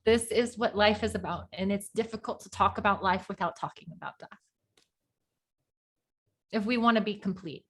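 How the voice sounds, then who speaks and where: A woman guest in a conversation, speaking at an ordinary middle pitch. She talks thoughtfully, pausing and restarting as she feels for the right wording, then picks up into lively, casual enthusiasm. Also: husky. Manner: reflective, searching for words with pauses and restarts. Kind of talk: conversational interview.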